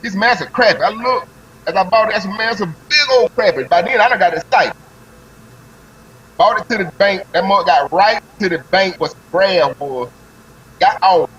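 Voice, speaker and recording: A man with a high-set voice tells an excited fishing story in thick slang, piling on detail. He is a guest on a live stream, with faint noise behind him. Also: moderate pace, long pauses, dull audio. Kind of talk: animated fishing story, casual chat.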